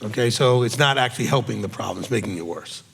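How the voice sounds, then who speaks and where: A man's voice: mid-range voice, animated, fast, vocal fry, fairly bright tone, slightly rough, long reverb tail. A man, a rabbi, leading a question-and-answer teaching session, checking in with the listeners as he talks. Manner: conversational teaching with frequent "okay?" check-ins.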